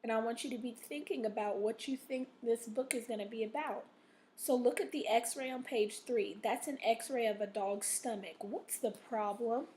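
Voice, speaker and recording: A woman teacher with a fairly high voice reads and explains a phonics lesson. Her voice is a little rough and she coughs now and then. She checks in constantly and stretches out the vocabulary words slowly. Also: a little mellow, a little hiss or hum. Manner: checks in with "okay?" after nearly every sentence; slow, drawn-out stress on vocabulary words. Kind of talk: recorded reading lesson.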